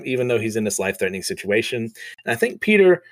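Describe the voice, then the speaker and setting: A man's voice: fairly low pitch, animated, fast. A man hosting a casual comic recap show, chatty and self-deprecating, with many fillers. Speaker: comic book podcast host.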